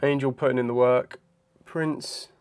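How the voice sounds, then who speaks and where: A young man chatting casually on a live stream, thinking out loud in a hesitant way with frequent ums. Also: medium pitch, fairly even intonation, measured pace, clear, resonant tone. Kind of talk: casual live-stream chat during a trivia quiz.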